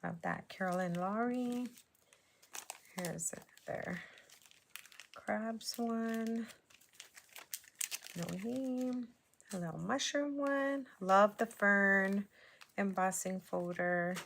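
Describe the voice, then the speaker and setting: Slow, gravelly-voiced woman crafter. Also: mid-range voice, a bit bright, slight background noise. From Hawaii. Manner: unhurried, chatty, admiring. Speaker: papercraft vlogger. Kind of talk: casual show-and-tell chat.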